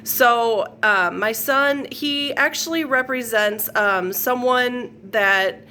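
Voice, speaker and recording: A middle-aged woman who hosts faith videos earnestly recounts a dream as a personal testimony, rambling with fillers and quoted lines in casual storytelling. Her voice is a little high, pushed and bright, and she takes her time; there's slight background noise.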